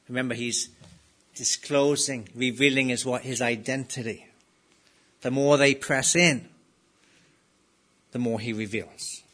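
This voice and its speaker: A man preaching an expository sermon, asking his listeners rhetorical questions and pressing hard on key phrases. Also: mid-range voice. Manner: emphatic, rising to loud stresses on key phrases.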